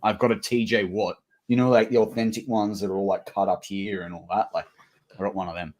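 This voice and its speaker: A man with an Australian accent co-hosting a live draft show, chatty and excitable, laughing often. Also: fairly low pitch, a little fast. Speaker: co-host. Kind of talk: casual live draft chat.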